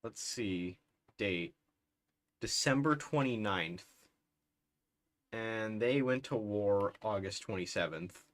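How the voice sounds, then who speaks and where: A man's voice: lowish voice, slow pace, long pauses, fairly bright tone. A man livestreaming a strategy game, giving casual, bemused running commentary and laughing often.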